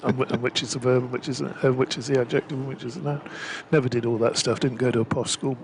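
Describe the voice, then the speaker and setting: A man's voice: medium pitch, little pitch movement, quick pace, noisy background. A man giving live, rambling cricket commentary with lots of fillers, from a gazebo at the ground. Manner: chatty, rambling with frequent fillers.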